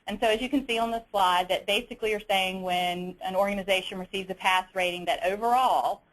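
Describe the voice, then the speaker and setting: A woman's voice: mid-range voice, fairly bright tone, low-quality recording. Southern woman explaining audit slides. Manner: methodical, explanatory, with frequent fillers and restarts. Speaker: webinar presenter. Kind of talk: instructional webinar walking through slides.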